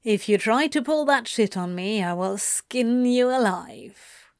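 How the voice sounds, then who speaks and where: A woman reading aloud, voicing a wry, teasing male demon in a slightly lower, softer voice. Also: animated, a little slow, no echo, clean studio sound. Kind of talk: amateur audiobook reading.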